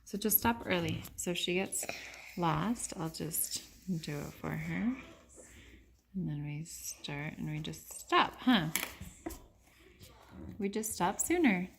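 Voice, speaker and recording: Woman, 30s, lower voice, patient encouraging mom, casual home vlog, phone recording, faint background noise. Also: expressive, takes it slowly, vocal fry, long pauses. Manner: patient, encouraging, chatty asides to the camera. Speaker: mother teaching her child to read.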